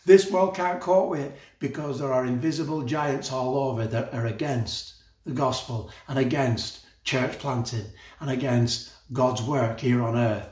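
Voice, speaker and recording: A man's voice: medium pitch, a little slow, a little mellow, reverberant. A man preaching a sermon with passion, laughing often and repeating phrases.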